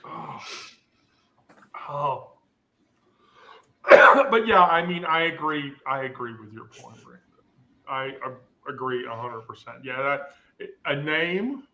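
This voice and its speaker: Blunt laughing guy in a chill group chat, kinda high and bright. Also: expressive, slow, long pauses. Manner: candid, laughs loudly, blunt. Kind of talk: casual chat.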